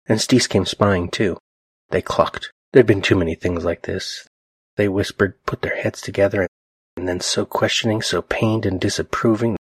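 Brief: male reader, deep husky voice, measured dramatic read, dry close sound. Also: no echo. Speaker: reader and host. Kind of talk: reading a novel aloud.

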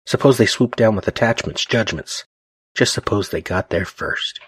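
Brief: man doing a fussy older banker, exasperated and scolding, husky and pitched up high. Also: normal speed, fairly bright tone, no echo. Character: fussy, disapproving older male bank officer.

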